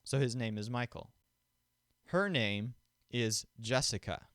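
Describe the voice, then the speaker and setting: A man talks through a memory technique in a patient, step-by-step teaching voice. His pitch sits in the middle of the range. He is recorded close on a microphone in a dry room with no echo. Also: lively intonation, slow pace, fairly bright tone. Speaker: memory instructor. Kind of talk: instructional explanation. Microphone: studio microphone in front of him.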